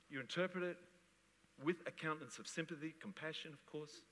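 A male pastor preaching with lively energy, his bright, forceful voice ringing out. The long reverb of a church hall trails after each line. He mixes jokes and laughter into his sermon. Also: on the high side, brisk.

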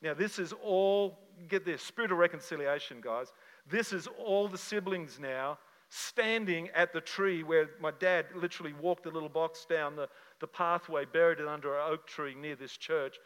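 An older man from Australia, a pastor telling a personal story to his congregation in an animated, conversational way with many restarts. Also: on the high side, normal speed, big-room sound, rough recording. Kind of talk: sermon with slide show.

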